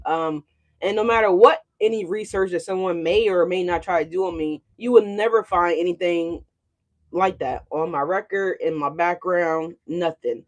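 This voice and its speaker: A tarot reader talks to a livestream audience in a blunt, profane rant. The voice sits at a middle pitch, and the loudness swings as the story heats up and cools down. The reader keeps asking listeners whether they follow. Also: normal speed. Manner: blunt and profane, with frequent "you know what I'm saying". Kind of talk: casual livestream chat.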